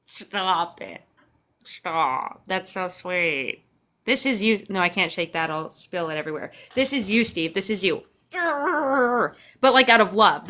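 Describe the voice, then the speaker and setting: A woman's voice: medium pitch, pushed and bright. A young woman from Central Texas, chatty and sarcastic, swearing casually as she hosts a phone livestream and answers viewer comments. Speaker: livestream host.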